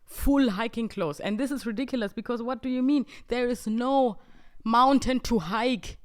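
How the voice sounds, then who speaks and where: A woman from Germany with a German accent, hosting a podcast and telling stories in a chatty, expressive way. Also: a little high, normal speed. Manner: chatty and expressive, with frequent fillers. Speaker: podcast host. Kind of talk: casual storytelling monologue.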